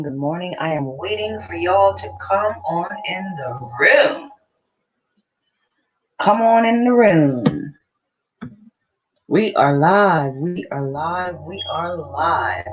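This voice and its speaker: A woman's voice: deep voice, lively intonation, a little slow, few pauses, lo-fi sound, over music. A woman hosting a casual livestream, chatty, repeating her greetings and calling on viewers directly. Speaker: livestream host.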